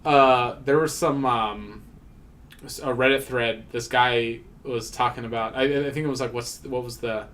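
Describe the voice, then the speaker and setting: A man co-hosting a podcast, telling crude stories in rambling casual banter, laughing often and loudly acting out the people he quotes. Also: mid-range voice, fairly even intonation, measured pace. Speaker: podcast co-host.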